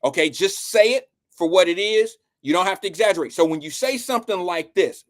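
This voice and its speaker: A man's voice: high-pitched, lively intonation, fairly quick. A man hosting a live call-in show who talks in a laid-back, reassuring way and often tells callers he hears them. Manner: laid-back, reassuring, says "I hear you". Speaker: host.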